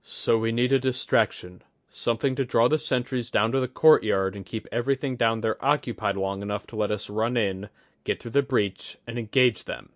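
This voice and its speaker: A man playing an earnest young male samurai commander who speaks in a measured, decisive way. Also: medium pitch, fairly even intonation, dry recording, close to an everyday voice.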